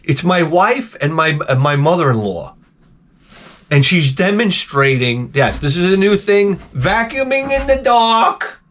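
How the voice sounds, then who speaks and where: Man vlogger, slightly high voice, ranting comedy bits, exasperated and crude. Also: lively intonation, unhurried, a bit bright. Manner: profane, exasperated, rambling with restarts. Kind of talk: comedic storytelling rant.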